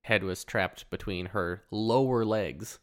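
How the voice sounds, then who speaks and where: A man's voice: on the low side, takes it slowly. A man co-hosting a podcast, laid-back and wry, mostly agreeing in short replies about a movie. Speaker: podcast co-host. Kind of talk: casual movie review chat.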